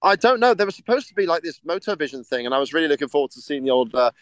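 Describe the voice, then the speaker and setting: A man's voice: on the high side, very animated, rapid-fire, dry recording. A man co-hosting a casual podcast chat, rambling and hesitant with lots of restarts. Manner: rambling, hesitant, full of ums and restarts, laughs easily. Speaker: podcast co-host.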